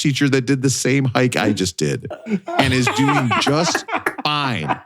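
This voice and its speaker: A man's voice: medium pitch, very animated, slow, very noisy. A man in his twenties, a podcast co-host, telling a long story in a casual, self-mocking way with plenty of swearing. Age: 20s.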